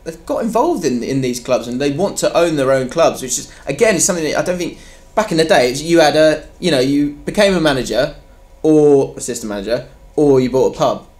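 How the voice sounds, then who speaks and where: A man's voice: fairly high pitch, lively intonation, fairly quick, hardly any pauses, darkish tone. Chatty man hosting a football podcast. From London. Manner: rambling, chatty, trailing off mid-sentence. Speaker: podcast host. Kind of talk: casual football podcast chat.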